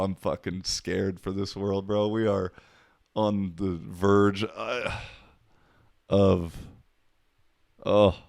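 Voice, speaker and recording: A man's voice: sits low, gravelly, a little mellow, dry recording, studio quality. A man hosting his own podcast, talking alone in a rambling, profane, wisecracking way. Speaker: podcast host. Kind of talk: casual solo podcast monologue.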